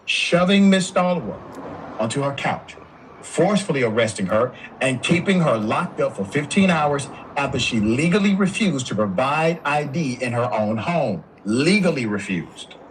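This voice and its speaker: A man hosting a news commentary show, speaking emphatically with dramatic pauses. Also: mid-range voice, expressive, a little hiss or hum, low-quality recording.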